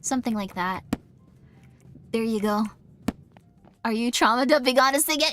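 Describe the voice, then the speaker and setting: A woman's voice: on the high side, lively intonation, moderate pace, creaky, pauses often, fairly bright tone, faint music behind. A woman streaming a game in casual chat, rambling and self-mocking, reading chat as she plays. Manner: rambling, self-mocking, jumps into quoted voices.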